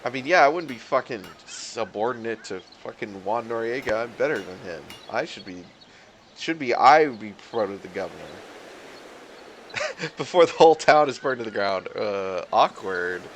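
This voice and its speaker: A man's voice: mid-range voice, lively intonation, normal speed, a little hiss or hum. A man streaming a video game, reading its text aloud and making sarcastic, profane, rambling comments. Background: game music.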